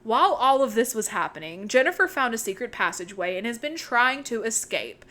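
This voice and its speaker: A young woman co-hosting a podcast, excitedly retelling a movie's plot in casual chat and swearing freely. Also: fairly high pitch, fairly quick. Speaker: podcast co-host.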